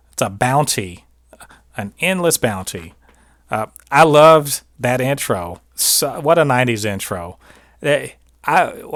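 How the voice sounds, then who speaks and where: A man hosting a casual TV review show, talking in an animated, opinionated way with many restarts and asides. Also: medium pitch, dry recording, studio quality. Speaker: podcast host reviewing TV. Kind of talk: casual spoiler review monologue.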